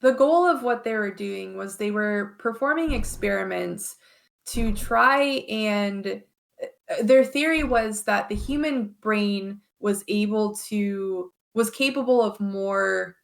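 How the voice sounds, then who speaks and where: Woman co-host: slow, gravelly, hesitant, laughing. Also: mid-range voice. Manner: hesitant, laughs often, many fillers. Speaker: podcast co-host. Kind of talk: casual chat.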